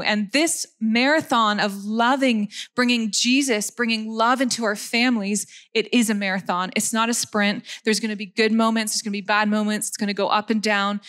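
A woman, giving a sermon in an animated way with frequent laughs and self-deprecating asides. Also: medium pitch. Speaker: preacher.

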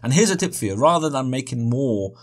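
A man's voice: medium pitch, sing-song, fairly quick. A man giving rambling, self-correcting commentary over his own gameplay and chuckling often. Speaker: let's play host.

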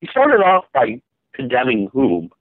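With huge swings in pitch around a medium register, a man speaks a little slowly as he questions callers in his Bible study program and coaxes answers out of them. The lo-fi recording is dull and dry, without echo.

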